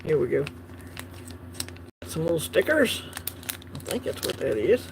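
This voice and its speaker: A man's voice: a little high, very animated, measured pace, vocal fry, background noise. A man hosting a coin collecting channel, chatting casually and laughing easily while unboxing on a livestream.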